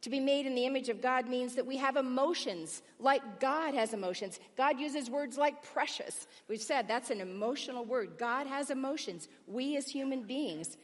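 A woman preaching a sermon as pastor, explaining in a measured, teaching manner. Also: sits high. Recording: long reverb of a large hall.

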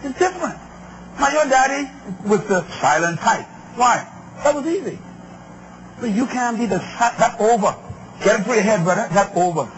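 Emphatic preacher, male, very high pitch, muffled recording with noise. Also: lively intonation, moderate pace. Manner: emphatic, call-and-response with the crowd. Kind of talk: sermon on relationships.

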